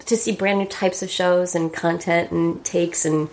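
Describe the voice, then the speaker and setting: A woman with a slightly low voice talks in a relaxed interview. She is earnest and often restarts her phrases. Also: measured pace. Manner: earnest, repeats words while finding her point. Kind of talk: casual interview talk.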